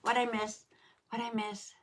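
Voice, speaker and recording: A woman hosting a casual craft livestream, chatty and quick to laugh, reading out chat comments and repeating herself, with allergies that make her clear her throat. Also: on the high side, little pitch movement, fairly bright tone. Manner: says howdy and reads chat comments aloud.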